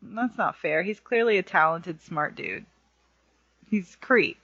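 A woman's voice: lowish voice, lively intonation, unhurried, a bit bright, dry recording, dull audio. A woman co-hosting a casual podcast chat, sarcastic and prone to exaggerated outbursts. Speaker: podcast co-host.

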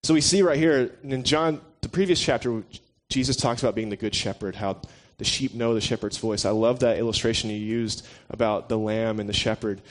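A man giving a casual, conversational sermon, relaxed and joking with his listeners. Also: medium pitch, brisk, hardly any pauses. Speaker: preacher.

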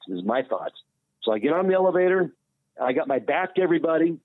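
A man recounts an old story in a relaxed, chatty way and acts out the quoted lines. His voice sits a bit high for a man. The sound is thin and phone-like, with a dry, close feel. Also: fast talker, dry recording. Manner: animated retelling with quoted dialogue. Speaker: former baseball pitcher. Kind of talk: casual storytelling. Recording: tinny phone line, dry.

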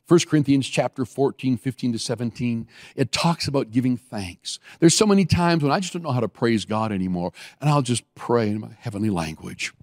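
Guy preaching, pitch jumps all over the place, super dry close sound. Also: brisk, few pauses, dry recording. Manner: animated storytelling, acts out scenes with sudden high bursts. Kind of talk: sermon.

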